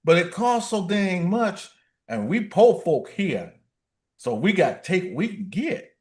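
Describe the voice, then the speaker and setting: Man hosting a livestream, high bouncy voice, joking with the chat. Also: sing-song, takes it slowly, a little mellow. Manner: playful, reads viewer comments aloud. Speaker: livestream host.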